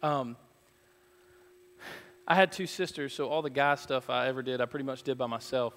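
A man preaching a sermon from the pulpit, earnest and building to loud, emphatic passages. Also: mid-range voice, normal speed. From Georgia, USA. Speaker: pastor. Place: church sanctuary. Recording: church hall reverb.

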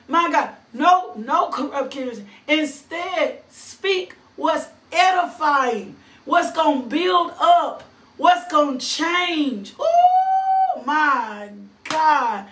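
A woman preaching an impassioned sermon, reading scripture and repeating phrases, breaking into sudden high whoops and shouts. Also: far from the mic. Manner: reads scripture verses aloud. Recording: echoey room, voice off-mic.

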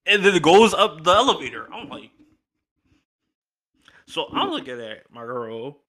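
Young male podcast host, casual storyteller: slangy, animated, laughs often; slightly high, bright and forceful tone. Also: a little slow.

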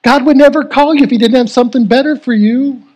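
A man voicing a calm, reassuring woman business partner in a sermon story, in a gentle way. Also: extremely high pitch, quick pace, highs cut off, voice pushed up.

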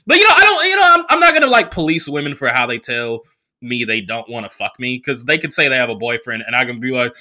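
A young male comedian from the Bay Area tells a loose, profane story on his show. His pitch jumps wildly as he acts out the people he quotes. His tone is bright and punchy. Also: sing-song, fast talker. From San Francisco Bay Area. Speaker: comedian podcast host. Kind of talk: casual storytelling monologue.

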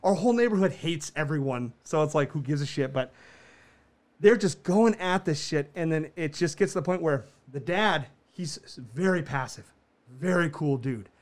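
Speaking at a moderate pace in a slightly high voice, this podcast co-host spins a story during casual chat. Profanity flows freely, he laughs often, and his delivery stays animated.

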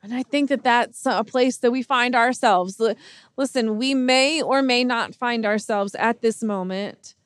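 Slow-speaking woman preacher. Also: a little high, no room sound. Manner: earnest storytelling with many restarts. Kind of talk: sermon.

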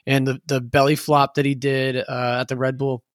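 A man's voice: mid-range voice, level tone, normal speed, dry recording, studio quality. A man co-hosting a podcast in casual chat, teasing his co-host and laughing a lot.

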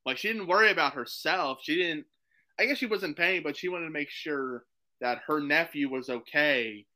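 A man chatting as a podcast guest, rambling excitedly with lots of fillers. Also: a little high, moderate pace, low-quality recording. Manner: excited, rambling, full of "like" and "you know". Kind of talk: casual chat.

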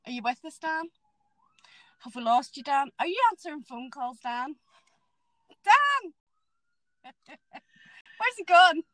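A woman's voice: high-pitched, moderate pace, a bit bright, dry recording, rough recording. A woman with a Hull accent co-hosting a podcast, chatty and teasing, laughing often. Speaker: podcast co-host. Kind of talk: casual chat.

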